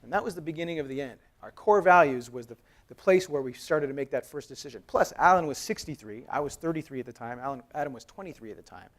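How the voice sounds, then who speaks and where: A man's voice: on the high side, fast talker, few pauses. A man in his thirties from Canada giving a conversational, storytelling keynote talk at a conference as a company co-founder. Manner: lively, conversational, acts out dialogue with raised voice. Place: conference hall.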